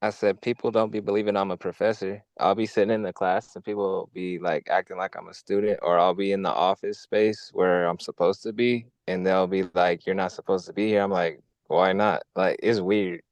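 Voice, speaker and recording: A man who works as a professor, chatting casually on a podcast in a measured, easygoing way. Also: sits low, steady tone, dry recording. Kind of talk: casual chat.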